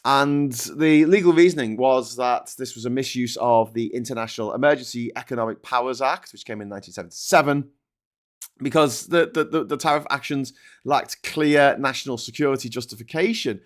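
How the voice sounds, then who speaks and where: A British man talks through the news in a loose, sarcastic rant, swearing as he goes. His voice sits at a middling pitch and leaps upward when he gets fired up. He trips over words and repeats himself often. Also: fairly quick. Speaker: host of a political commentary show. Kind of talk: casual ranting commentary.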